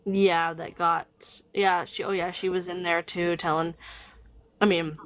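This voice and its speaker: A woman's voice: lowish voice, little pitch movement, measured pace, no echo. A woman co-hosting a casual livestream chat, teasing and sarcastic, talking on a phone. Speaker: livestream co-host.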